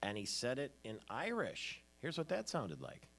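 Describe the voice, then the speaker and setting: A man's voice: mid-range voice, wildly swooping pitch, moderate pace, gravelly, background noise. A man hosting a morning show, chatting casually about the news with frequent fillers. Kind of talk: casual chat and news talk.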